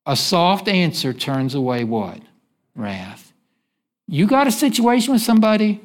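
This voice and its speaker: A man preaching a sermon in church, folksy and conversational, pausing to have the congregation finish his sentences. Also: sits high. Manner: asks the congregation fill-in-the-blank questions; conversational, folksy, with quick repeats. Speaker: pastor.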